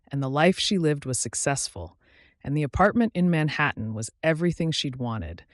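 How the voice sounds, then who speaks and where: Calm, dry male audiobook narrator. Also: medium pitch, dry recording.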